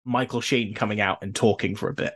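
A man's voice: lowish voice, fairly even intonation, fairly quick. A man co-hosting a podcast, telling stories with enthusiasm and a few hesitant restarts. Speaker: podcast co-host. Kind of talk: casual chat.

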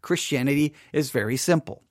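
A man's voice: medium pitch, fairly quick, darkish tone, no room sound, clean studio sound. A man preacher retelling a funeral sermon he gave, earnest and emphatic, often restarting his sentences.

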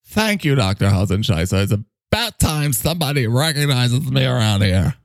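A man voicing a cocky, needy male talking microphone that swoops in pitch and bursts into shouts. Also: big pitch swings, normal speed, creaky, dry recording, studio quality. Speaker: podcast co-host character. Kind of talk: improvised comedy bit.

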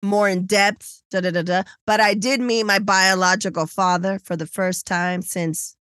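A woman's voice: medium pitch, measured pace, clear, resonant tone, dry recording, clean studio sound. A woman co-hosting a podcast, telling a story in casual chat and acting out the people in it. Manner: animated storytelling, acts out quoted people. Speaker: podcast co-host.

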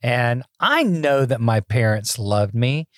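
A man's voice: mid-range voice, animated, slow, no echo, studio quality. Folksy older man telling his story. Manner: folksy, self-deprecating, repeats words when starting. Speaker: podcast guest. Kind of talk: casual interview storytelling.

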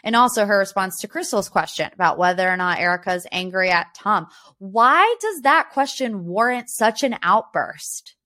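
A woman hosts a podcast of casual pop-culture commentary, sarcastic and opinionated, firing off rhetorical questions. Her mid-range voice is expressive and sharp at a moderate pace, and she's chatty, saying "you know" and "like" constantly.

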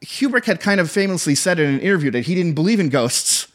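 A man in casual conversation about films, talking haltingly with many fillers and restarts. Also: high voice, expressive, fairly bright tone. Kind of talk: casual chat.

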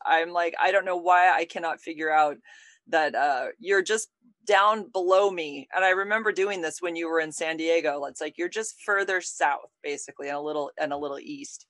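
A woman's voice: sits low, moderate pace, a bit bright, no room sound. A woman hosting a podcast, talking in a casual, effusive and chatty way with her guest. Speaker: podcast host. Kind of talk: casual interview chat.

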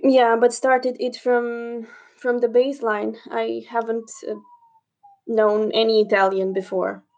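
A woman's voice: on the high side, level tone, darkish tone, muffled recording. Young woman, english, stumbles and hesitates a lot, casual podcast. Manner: hesitant, halting, with frequent fillers and laughs. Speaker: guest. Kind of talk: casual podcast chat over a call.

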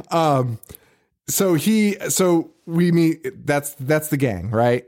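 A man's voice: mid-range voice, measured pace. A man co-hosting a horror movie podcast, chatting casually and telling stories with lots of laughs and restarts. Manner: animated storyteller, frequent laughs and restarts. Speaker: podcast co-host. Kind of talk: casual chat.

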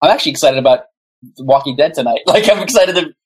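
A man's voice: fairly high pitch, lively intonation, fast talker, husky, low-quality recording. A man as a podcast guest, talking in an enthusiastic, rambling way with many fillers. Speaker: guest, musician. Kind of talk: casual podcast chat.

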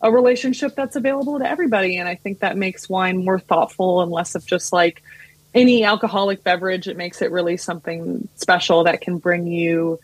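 American woman guest, 30s, husky edge, dry close mic, rambling friendly chat. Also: fairly low pitch, fairly even intonation, fairly quick, dry recording. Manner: chatty, many fillers and restarts, laughs often. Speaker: sommelier and wine importer, guest. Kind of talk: casual podcast interview.

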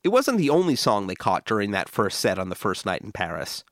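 A man hosting a music history podcast, reading scripted documentary narration in a measured, informative way. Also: lowish voice, big pitch swings, no room sound, clean studio sound.

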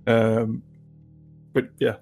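Gravelly male game master. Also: mid-range voice, monotone, very slow, darkish tone, soft background music. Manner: casual, stumbling, laughs often. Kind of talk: narrating a tabletop game.

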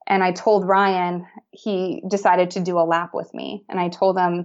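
A woman guest tells a story in a loose, chatty way, full of fillers and restarts. Her voice sits a bit low. The recording is dull and lo-fi, like remote call audio. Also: flat delivery, measured pace. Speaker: podcast guest. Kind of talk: casual storytelling.

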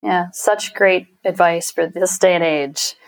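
A woman's voice: fairly low pitch, fairly even intonation, measured pace. A woman hosting a casual interview podcast, affirming her guest and asking curious questions. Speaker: podcast host.

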